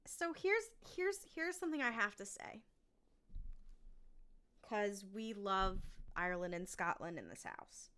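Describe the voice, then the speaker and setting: A woman's voice: mid-range voice, expressive, a little slow, bright, forceful tone, smooth. A woman co-hosting a podcast in casual chat, talking as she thinks things through. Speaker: podcast co-host.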